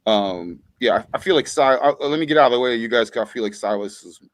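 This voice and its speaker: A man from the United States speaks bluntly and casually as a podcast guest, often trailing off quietly. His voice sits at a middle pitch. The recording is close and dry. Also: expressive, quick pace, dry recording.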